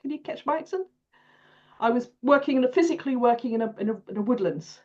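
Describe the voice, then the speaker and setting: High-voiced older woman, chatty. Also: lively intonation, fast, a little mellow, muffled recording. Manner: chatty, repeats herself, laughs often. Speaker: participant. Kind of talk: casual storytelling. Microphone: video call.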